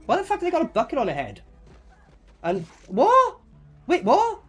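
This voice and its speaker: An excitable man chats through a film as he reviews it. His pitch jumps around a lot and his swearing comes easily. He sounds loose and casual. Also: moderate pace, over music. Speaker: movie reviewer. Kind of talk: casual movie reaction commentary.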